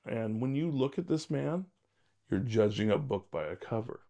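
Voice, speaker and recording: An older retired detective telling case stories in an interview, blunt and wry, rambling with many fillers. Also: male voice, medium pitch, lively intonation, normal speed, vocal fry, warm tone. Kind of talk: storytelling interview.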